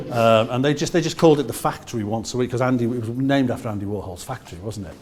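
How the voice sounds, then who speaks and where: A man in his sixties from Liverpool with a Liverpool accent, telling anecdotes in a lively way and acting out other people's voices with quick asides. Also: mid-range voice. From Liverpool, England. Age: 60s. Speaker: musician telling stories. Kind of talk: anecdotal storytelling.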